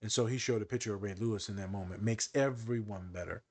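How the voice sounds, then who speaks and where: A man co-hosting a podcast in casual chat, animated and joking with sarcastic asides. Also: lowish voice, fast talker. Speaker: podcast co-host.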